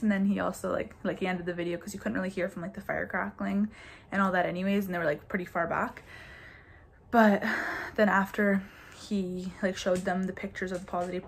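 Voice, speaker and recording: Young woman vlogger, twenties, casual storytime delivery, filler-heavy, mid-pitched voice. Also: level tone, a little fast, vocal fry, a little hiss or hum. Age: 20s. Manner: chatty, says "like" constantly, laughs between bits.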